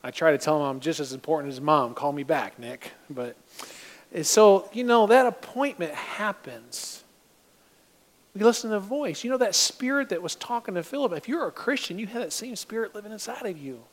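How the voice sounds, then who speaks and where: Pastor guy preaching, high voice, lively, acts out bits. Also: normal speed. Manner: animated, acts out scenes in voices. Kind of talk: sermon.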